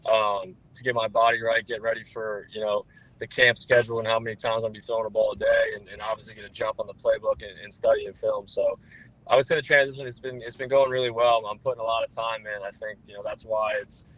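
A young man in his twenties from New Jersey, answering interview questions in a relaxed way with plenty of fillers. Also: on the low side, fast talker, low-quality recording. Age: 20s. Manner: relaxed, repeats filler words. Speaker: guest quarterback.

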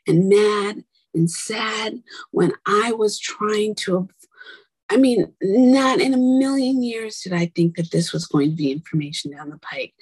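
A woman's voice: medium pitch, slightly rough, no echo, low-quality recording. A woman telling her own story in a candid, angry, blunt and profane monologue, with whispered asides.

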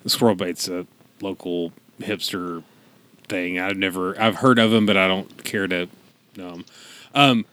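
A man's voice: low voice, fairly even intonation, unhurried, bright, forceful tone. A man, chatting casually with friends around a table and acting out the people in his stories. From Louisville, Kentucky. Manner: storytelling, acts out quotes. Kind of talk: casual chat.

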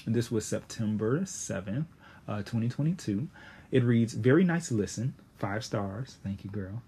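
A young man in his late twenties hosts his podcast in a loose, slangy monologue, jumping now and then into high, excited exclamations. His voice is mellow and dark in tone, with a slightly husky edge. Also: moderate pace. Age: 20s; young adult. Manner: chatty, animated, slangy, with sudden high exclamations. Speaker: podcast host.

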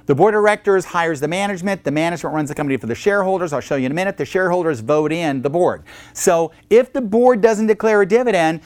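A male instructor giving a recorded accounting lecture in a lively, joking way, acting out short phone calls to explain his points. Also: high-pitched, no echo. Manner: lively, jokey, acts out little phone calls.

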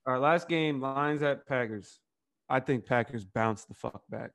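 A man's voice: medium pitch, a little slow, fairly bright tone. A young man co-hosting a podcast, talking loosely with lots of fillers and swearing. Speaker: podcast co-host. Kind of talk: casual chat.

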